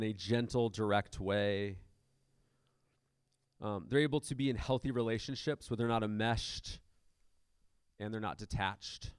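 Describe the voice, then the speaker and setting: A man's voice: medium pitch, smooth, no room sound, clean studio sound. A man preaching a conversational sermon as pastor of a church, with many fillers and restarts.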